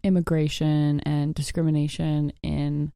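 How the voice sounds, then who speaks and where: A woman's voice: sits low, level tone, measured pace, gravelly, mellow, clean tone, no echo, clean studio sound. A young adult woman chatting casually as a podcast guest, talkative and laughing easily. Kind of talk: casual chat.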